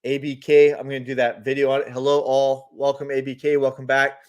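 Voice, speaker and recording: A man's voice: mid-range voice, level tone, brisk, a little mellow. A man hosting a live market stream, chatting casually, greeting viewers by name and talking through charts as he goes. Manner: laughs easily, loose and talkative. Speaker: host of a live trading stream.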